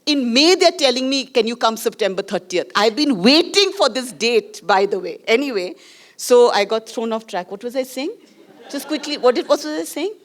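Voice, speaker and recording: A woman's voice: on the high side, animated, moderate pace. A middle-aged woman filmmaker with an Indian English accent, telling a candid, emotional story to an audience after a screening and slipping in Hindi phrases. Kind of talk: post-screening conversation with an audience. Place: screening venue before a live audience.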